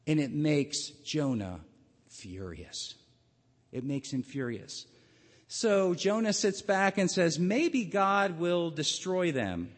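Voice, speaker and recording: A man preaching a sermon and telling the story dramatically, his voice swinging between loud and hushed. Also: fairly high pitch, in a large hall.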